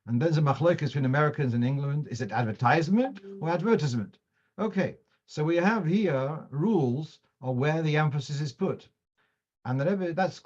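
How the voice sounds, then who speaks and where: A man's voice: on the high side, darkish tone. Man teaching a Torah class, lo-fi. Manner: explanatory, digressive, uses examples; mixes in Hebrew and Yiddish terms. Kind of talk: lecture on Jewish law.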